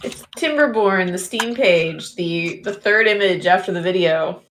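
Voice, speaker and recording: A woman's voice: fairly low pitch, a little slow, noisy background. A woman from the States, co-hosting a casual gaming podcast, curious and checking details. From Southern United States. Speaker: podcast co-host.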